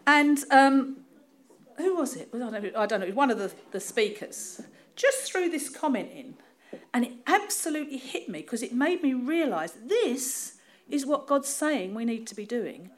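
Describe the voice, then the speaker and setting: Speaking at a normal speed, a Cockney woman from the East End of London preaches a relaxed, conversational sermon. She laughs a lot and teases herself between points, her high-pitched voice ranging widely through lively storytelling.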